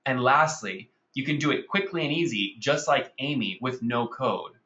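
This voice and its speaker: An energetic man leads an online marketing webinar, pitching results to his audience. His voice is bright and forceful. The audio is dull and lo-fi, with an echoey room around him. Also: normal speed. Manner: energetic, salesy, addresses audience as guys. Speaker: webinar host.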